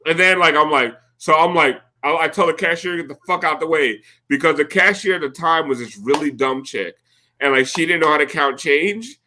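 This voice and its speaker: Bright-voiced guy spinning a story on a podcast, swears a lot, slightly high voice. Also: brisk. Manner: animated, profane, acts out quotes. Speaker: podcast host. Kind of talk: casual storytelling chat.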